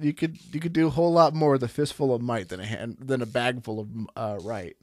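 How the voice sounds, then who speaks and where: A man's voice: medium pitch, steady tone, fast, no echo. Rambling man hosting a podcast. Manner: loose, rambling, restarts while thinking. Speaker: podcast host. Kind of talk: casual podcast chat.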